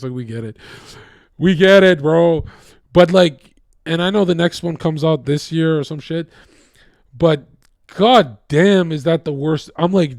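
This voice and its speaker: A man's voice: mid-range voice, dry recording. Profane ranting man, dry sound. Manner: profane, combative, swings from loud outbursts to mutters. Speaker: streamer. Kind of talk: casual ranting to viewers.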